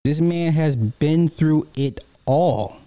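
Man, reaction commentary, heated and profane, very dark tone, dry close sound. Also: fairly high pitch, slow, no echo.

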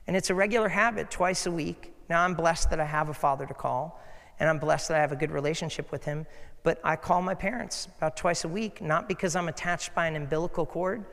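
Earnest middle-aged preacher in a hall. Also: male voice, on the high side, fairly even intonation, quick pace, creaky, a bit bright. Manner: storytelling, earnest, conversational. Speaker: pastor. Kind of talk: sermon. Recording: echoey hall.

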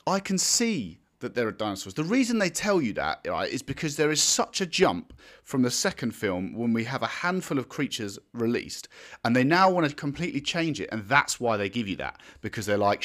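A man's voice: medium pitch, a little fast. A man arguing about a film in a casual, heated chat, quoting characters mockingly and swearing. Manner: animated, argumentative, swears, mocking quotes.

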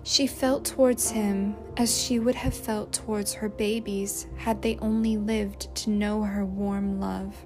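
A woman narrating a novel chapter in a measured, unhurried reading. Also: mid-range voice, level tone, music in the background. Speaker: audiobook narrator. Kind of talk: scripted storybook narration.

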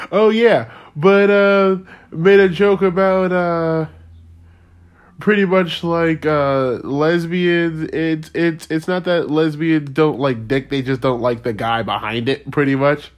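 A man's voice: a little high, fairly even intonation, slow, highs cut off. A young man hosting a solo podcast, ranting casually, rambling off on tangents, losing his train of thought and chuckling between points. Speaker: podcast host.

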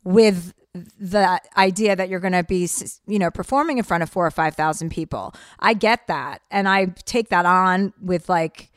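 A woman's voice: on the low side, moderate pace, hardly any pauses, no room sound. Blunt, dry-witted middle-aged woman. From New Jersey. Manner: dry, blunt and self-mocking. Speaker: guest comedian. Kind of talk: casual interview chat.

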